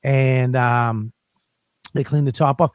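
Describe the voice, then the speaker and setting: A man's voice: medium pitch, steady tone, slow pace, clear, resonant tone, no room sound, clean studio sound. A man co-hosting a podcast, telling crude stories in a rambling, profane way. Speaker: podcast co-host. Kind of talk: casual comedic chat.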